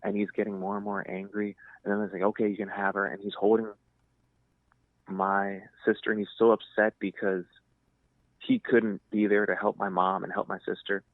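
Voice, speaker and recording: A man with a lowish voice tells stories in a relaxed, lively way and slips into the voices of the people he quotes. The sound is thin and narrow, like a phone line, and very dry, with no room around it. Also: normal speed, no room sound. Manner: lively storyteller, acts out quotes. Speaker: podcast guest. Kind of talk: casual storytelling chat.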